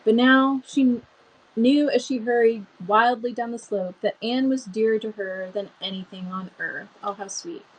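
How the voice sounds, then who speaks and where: Breathy woman reading a classic aloud. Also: a little high, moderate pace, rough recording. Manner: expressive, chatty, stumbles on words. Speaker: book reader. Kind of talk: reading a novel aloud with casual asides.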